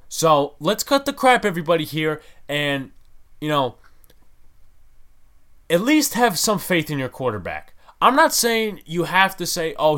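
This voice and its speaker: Heated male football-fan ranter, slightly high voice, pitch swinging widely, rapid-fire rhetorical questions. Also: a bit bright. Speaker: sports fan commentator. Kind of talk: ranting sports commentary.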